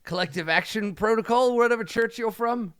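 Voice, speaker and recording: A man's voice: very high-pitched, a little fast, fairly bright tone, clear, resonant tone, dry recording, studio quality, pitched above the performer's own voice. A man playing a blunt, ungrammatical male thug who lectures about workers' pay in a tabletop game. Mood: lecturing. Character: gruff male thug, pro-union, ungrammatical.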